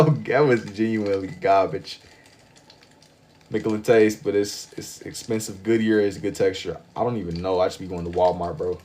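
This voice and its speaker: A livestream artist chats casually while drawing, his lowish voice animated and moderately paced. He sounds sleepy, drawls his slang, drifts from thought to thought, and says things more than once.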